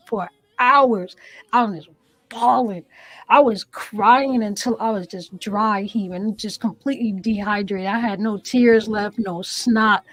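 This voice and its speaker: A woman's voice: fairly high pitch, no echo, low-quality recording. Earnest woman telling her story, dry sound. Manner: earnest, reenacts her own past words. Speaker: interview guest; comedian. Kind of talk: emotional personal storytelling.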